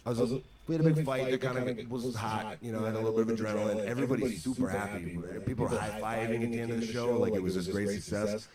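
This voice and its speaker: Interview guest, male, low voice, wry and exasperated storyteller, echoey and far off with loud game noise behind. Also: fairly even intonation, quick pace, a loud crowd. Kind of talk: storytelling anecdote. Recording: echoey distant replay from a stream.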